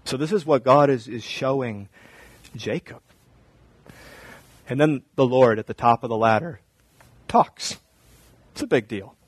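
A male pastor preaching a sermon, telling stories animatedly and acting out dialogue, then slowing to quiet emphatic lines. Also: medium pitch, slightly rough, no echo, low-quality recording. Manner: drops to slow, quiet emphasis.

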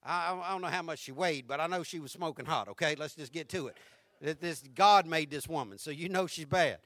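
A male pastor preaching a sermon with fervor, going from hushed tones to shouting and repeating his points. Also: a little high, a little fast, no echo, clean studio sound. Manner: fervent preaching, swinging from hushed to shouting, with repetition.

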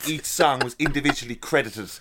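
A man's voice: a little high, expressive, normal speed, very noisy. A man in a casual podcast chat, bantering and swearing freely. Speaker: podcast co-host.

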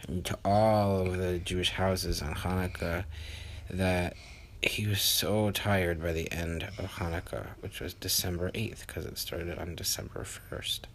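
A man tells a bedtime story slowly and softly, slipping into a half-whisper at times. His voice is very low with a gravelly creak. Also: steady tone, a little hiss or hum. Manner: soft, often half-whispered.

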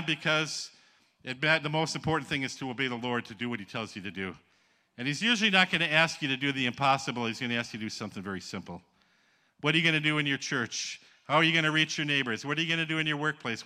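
A man's voice: mid-range voice, pushed and bright. An older man preaching in a church auditorium, telling a story animatedly, acting out the quotes and laughing at his own tales. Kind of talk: storytelling sermon.

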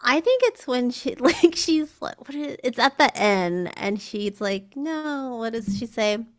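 A woman's voice: fairly high pitch, measured pace. A young woman co-hosting a podcast who laughs often and chats casually. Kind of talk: casual chat.

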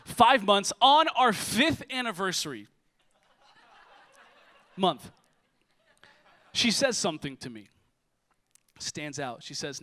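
A young male pastor delivers a sermon from a church stage, moving from comic personal stories into earnest teaching. His voice sits high and rings bright and forceful. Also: slow pace, long pauses. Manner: lively, joking storyteller who shifts to preaching. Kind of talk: sermon with storytelling. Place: church stage before a congregation.

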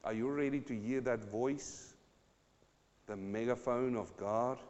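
A man preaching a sermon and reading scripture aloud, moving from quiet reading to loud, fired-up preaching. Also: medium pitch, unhurried, dull audio. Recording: long reverb of a large hall.

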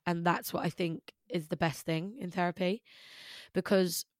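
A woman's voice: on the low side, fairly even intonation, normal speed, no room sound, studio quality. A young British woman, a musician guest, talking openly and rambling about her life, with many "like"s. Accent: British English. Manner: open, rambling, says "like" often. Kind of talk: candid personal conversation.

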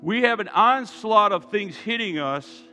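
Fervent pastor preaching in an echoey church. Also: male voice, high-pitched, lively intonation, a little slow, soft background music. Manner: fervent, swings from soft asides to loud emphatic calls. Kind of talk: sermon. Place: church sanctuary.

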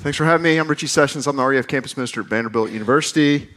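A man's voice: mid-range voice, rapid-fire. Man from the American South, forties, campus minister, sermon with chatty stories and self-deprecating jokes. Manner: conversational, animated, self-deprecating humor. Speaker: campus minister, guest preacher. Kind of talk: sermon with storytelling.

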